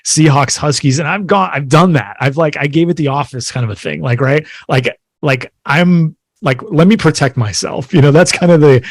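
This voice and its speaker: A man's voice: on the high side, moderate pace, few pauses, no room sound. Rambling man in his forties, dry sound. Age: 40s. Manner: rambling, filler-heavy storytelling. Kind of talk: casual sports chat.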